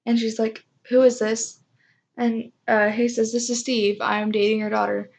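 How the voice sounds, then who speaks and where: A woman's voice: fairly high pitch, flat delivery, moderate pace, creaky. A young woman casually telling a personal story, self-mocking and acting out what others said. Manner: chatty, self-mocking, acts out quoted voices.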